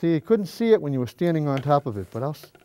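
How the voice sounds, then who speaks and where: A man's voice: on the high side, very animated, quick pace, warm tone, clear, resonant tone. An older man hosting a painting show from a cable TV studio. He chats in a folksy, rambling way while he works and sometimes steps back from the mic to look at the canvas. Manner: moves away from the mic to step back and view the canvas. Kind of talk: casual painting demonstration. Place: high school cable TV studio.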